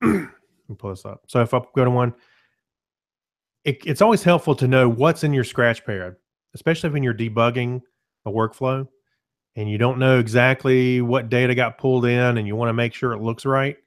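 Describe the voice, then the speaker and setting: On a web call, a man casually presents a software demo, explaining loosely and correcting himself, and he often clears his throat. His voice is medium-pitched at a normal speed.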